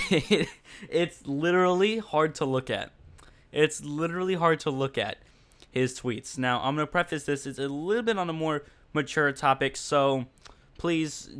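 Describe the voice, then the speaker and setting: A man with a smooth, clear voice hosts a casual livestream podcast. He rambles on with lots of fillers and speaks in a blunt, mocking tone, addressing his viewers directly. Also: medium pitch, fairly bright tone.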